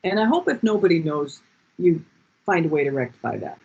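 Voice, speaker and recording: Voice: medium pitch, very animated, a little fast, gravelly, darkish tone, breathy edge, muffled recording. An adult leading a group session in a heartfelt motivational talk, passionate and repeating key phrases, over a video call.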